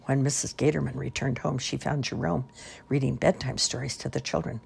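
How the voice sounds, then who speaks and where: A woman reading a children's story aloud with expressive, lively voicing. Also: rumbling low, brisk, gravelly, breathy edge.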